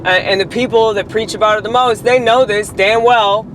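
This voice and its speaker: A woman's voice: medium pitch, steady tone, moderate pace, a little hiss or hum. A woman delivering a heated, profane, rambling monologue rant straight to the camera.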